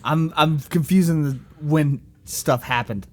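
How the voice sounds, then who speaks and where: A man's voice: a little high, measured pace, darkish tone, dry recording. A man guesting on a podcast, chatting about a movie in a profane, rambling way, laughing often. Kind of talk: casual movie chat.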